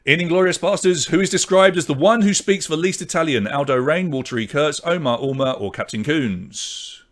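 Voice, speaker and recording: A man hosting an online pub quiz, reading out questions, answer options and scores in a brisk, chatty way. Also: a little high. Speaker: quiz host.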